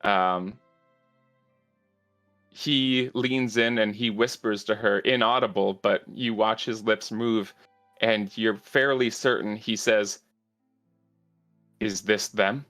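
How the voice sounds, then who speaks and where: A man narrating a tabletop game as game master, measured and halting with fillers. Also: lowish voice, steady tone, a bit bright, faint music behind.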